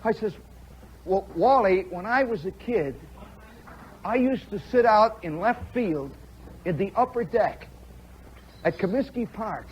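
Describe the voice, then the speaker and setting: Man, radio storyteller, high bouncing voice, chatty asides, muffled old broadcast, faint hiss. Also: unhurried, long pauses. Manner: animated, conversational, full of "see?" and "you know" asides. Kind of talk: live radio storytelling monologue.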